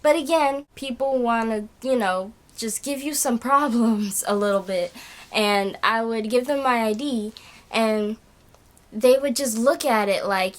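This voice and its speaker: A woman's voice: fairly high pitch, unhurried. A young woman rants casually to her camera. She sounds exasperated and complaining. Her talk is full of fillers and restarts. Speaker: vlogger.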